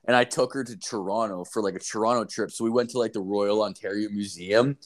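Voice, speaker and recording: His voice is lowish and his delivery brisk. Chatting casually, the man tells a profane, rambling story full of "dude" and "like," animatedly acting out each quoted line.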